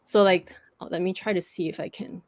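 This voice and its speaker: Speaking a little fast in a steady, lowish voice, the livestream host walks viewers through French pronunciation. A native French speaker, she stays patient but often uses fillers and restarts.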